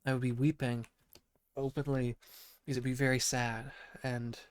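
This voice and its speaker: A man with a croaky voice from being sick, rambling through a profane casual monologue full of restarts, as a podcast host. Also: mid-range voice, little pitch movement, moderate pace. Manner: rambling, profane, self-interrupting.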